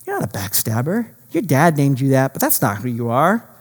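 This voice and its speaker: A preacher voicing God, who speaks softly and reassuringly to a struggling man. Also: medium pitch, animated, normal speed, long reverb tail, lightly acted. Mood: tender. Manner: soft and reassuring. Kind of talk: sermon.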